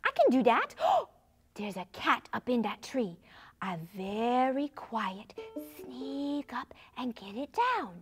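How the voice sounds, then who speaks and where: A woman's voice: a little high, big pitch swings, measured pace, a bit bright. A woman voicing an eager little boy who loves helping, talking in childlike pretend play with broken grammar, in a puppet show. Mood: playful.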